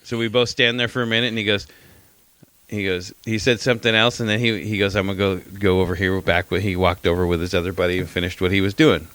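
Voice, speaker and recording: Low-voiced rambling man telling a story. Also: level tone, fast, a bit bright, clean tone, dry recording. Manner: rambling, repeats himself, swears casually. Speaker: podcast co-host. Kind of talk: casual storytelling chat.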